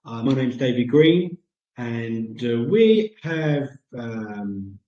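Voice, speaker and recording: A man's voice: mid-range voice, lively intonation, very slow, warm tone, echoey room, highs cut off. A man with a British accent hosting a casual chat segment, rambling with many ums and uhs. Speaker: segment host.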